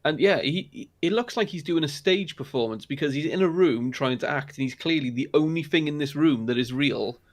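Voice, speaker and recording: A man's voice: a little high, a little fast, hardly any pauses. Brief: UK man, podcast regular, blunt sweary opinions. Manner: blunt, sweary film ranting. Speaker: podcast co-host. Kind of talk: casual chat.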